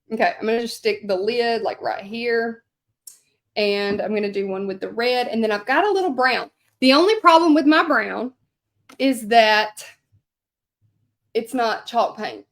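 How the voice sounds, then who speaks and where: A woman, chatting casually with viewers as she paints a sign in her craft studio. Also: medium pitch. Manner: chatty, rambling, self-deprecating, answers viewer comments. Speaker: hand lettering artist and channel host. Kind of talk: casual chat while painting, talking to viewers.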